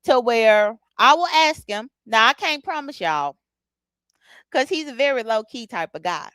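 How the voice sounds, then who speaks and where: A woman's voice: on the high side, lively intonation, a little slow, fairly bright tone, clean tone, no echo. A woman hosting a casual livestream, talking bluntly with features and greeting chat viewers by name. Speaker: livestream host. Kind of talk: casual live commentary.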